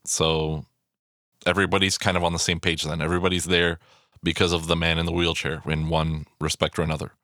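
A man with a deep, low voice rambles through a film breakdown in a loose, casual way. He swears freely and trips over fillers and restarts. The recording is dry and close, with no room sound. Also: little pitch movement, brisk, bright, forceful tone, dry recording. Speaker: film commentator.

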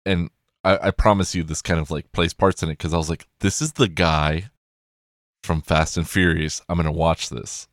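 Very deep-voiced man rambling casually. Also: fairly even intonation, normal speed, no echo, studio quality. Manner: rambling, profane, restarts and self-corrections.

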